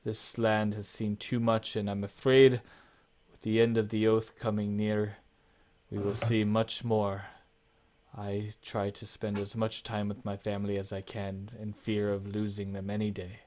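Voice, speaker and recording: A man's voice: on the low side, monotone, unhurried, a little mellow, natural voice. Man doing a huge humble farmer dad, earnest, formal speech, tabletop game. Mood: somber. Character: huge humble middle-aged farmer father.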